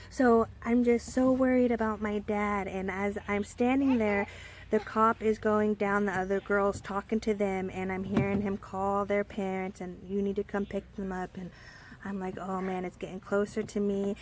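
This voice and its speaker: A woman's voice: medium pitch, flat delivery, moderate pace, a little hiss or hum. A young woman telling a personal story in a casual storytime vlog, rambling with many fillers and restarts. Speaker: storyteller vlogger.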